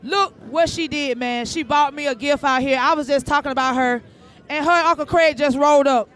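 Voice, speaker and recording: High, bright-voiced excited hype host. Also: male voice, moderate pace. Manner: excited, repetitive, rowdy. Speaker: show host. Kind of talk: live hype shout-outs at an outdoor event. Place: outdoor bike night with crowd and vehicles. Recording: crowd noise behind, outdoors.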